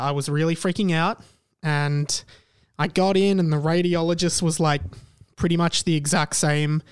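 A young man hosts a casual podcast, rambling through a personal story and playing out both sides of the conversations. His voice sits a little high and sounds smooth and clear. The close mic gives a dry sound with no room around it. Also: no echo. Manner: rambling, self-deprecating, animated retelling with quoted dialogue. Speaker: podcast host.

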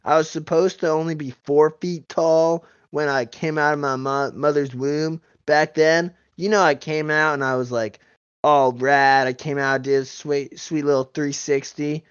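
A boastful, dim-witted young bro skier, played by a man with a slangy surfer drawl and a smooth, fairly high voice. The audio is dry and a little muffled. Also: fairly even intonation, a little slow, no room sound, lightly acted. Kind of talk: improv comedy character.

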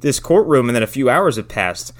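A man's voice: medium pitch, a little fast. A man in casual chat, sarcastically tearing apart a bad film with plenty of swearing. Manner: sarcastic, profane, animated. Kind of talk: casual movie-riffing chat.

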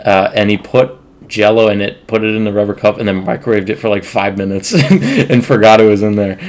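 A man's voice: on the low side, a little fast. A man co-hosting a podcast, telling chatty childhood stories and laughing often. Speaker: podcast co-host. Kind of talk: casual chat.

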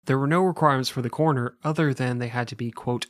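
A man's voice: mid-range voice, a little fast, no room sound, clean studio sound. A man casually telling a true crime story on a podcast, joking and swearing and laughing often.

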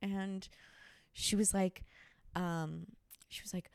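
A woman hosting a casual podcast, telling a story in a blunt, profane, animated way. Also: mid-range voice, slow pace, creaky, long pauses, clean tone, no room sound, studio quality. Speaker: podcast host.

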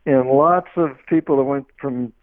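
An older man with a Boston accent, a musician guest in a radio interview, easygoing and laughing often, with halting restarts. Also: mid-range voice. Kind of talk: casual interview chat. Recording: tinny phone line.

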